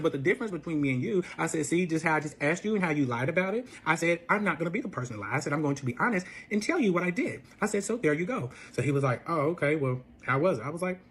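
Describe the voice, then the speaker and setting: A man retelling a messy relationship story in casual speech, animated and profane, acting out every quote. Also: on the high side, slightly rough. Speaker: storyteller guest.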